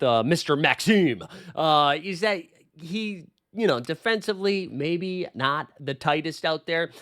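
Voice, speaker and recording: A man's voice: on the high side, a bit bright. A man hosting a basketball show, talking in a loose, chatty commentary style with frequent fillers and asides. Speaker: basketball podcast host. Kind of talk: casual sports commentary.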